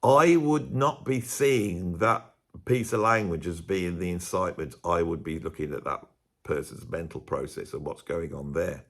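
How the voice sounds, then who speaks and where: A man's voice: deep voice, normal speed. Male commentator, casual monologue to camera, meandering delivery, self-interrupting, rhetorical questions. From England. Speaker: YouTube commentator.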